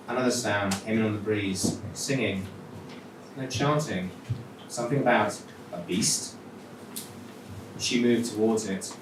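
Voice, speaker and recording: A man with a Welsh accent reading his own short story aloud at a live literature event, with wry conversational asides. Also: lowish voice. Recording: echoey hall, mic from far off, noisy.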